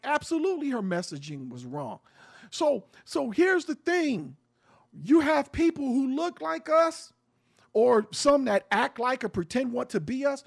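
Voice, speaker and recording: A man's voice: very high voice, gravelly. A man hosting an opinion radio show, talking bluntly and emphatically, with swearing and preaching. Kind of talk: fiery opinion talk.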